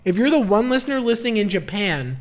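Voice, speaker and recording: Podcast co-host, male, slightly high voice, campy and giggly, casual chat. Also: very animated, quick pace.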